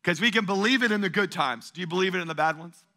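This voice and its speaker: A man's voice: sits high, quick pace, bright, forceful tone. A middle-aged male pastor preaching a sermon to a church congregation, repeating phrases and calling for the crowd to answer back. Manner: call-and-response preaching, repeats phrases for emphasis. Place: church sanctuary, before a congregation.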